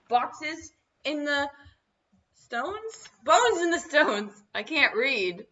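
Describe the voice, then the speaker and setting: Lively, high-voiced woman co-host. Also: drawn-out words, slight background noise. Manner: playful, giggly banter. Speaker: quiz co-host. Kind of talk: casual live quiz hosting. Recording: muffled, lo-fi stream audio.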